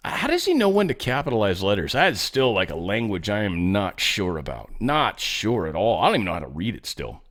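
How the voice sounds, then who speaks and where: A man's voice: on the low side, sing-song, fairly quick, fairly bright tone. Rambling sarcastic man riffing on news. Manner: rambling, sarcastic, profane asides. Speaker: podcast host. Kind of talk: casual news commentary monologue.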